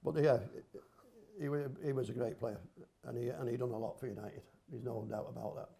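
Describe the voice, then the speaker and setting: The speaker is an older man, a grandfather guesting on a podcast, telling rambling football stories like a homely storyteller with local slang in casual chat. His voice is mid-range and fairly quick, with vocal fry and a warm tone.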